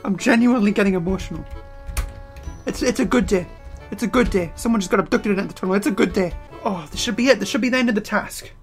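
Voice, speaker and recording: Excitable woman narrating her gameplay. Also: mid-range voice, fast, faint music behind. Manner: excitable, frequent startled exclamations. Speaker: let's player. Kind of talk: gameplay commentary.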